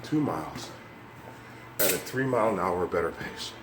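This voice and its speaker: A man's voice: low-pitched, expressive, normal speed, background noise. An older man doing a motivational fitness vlog while climbing stairs, slightly winded, upbeat and coaxing as he talks straight to viewers. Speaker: fitness vlogger.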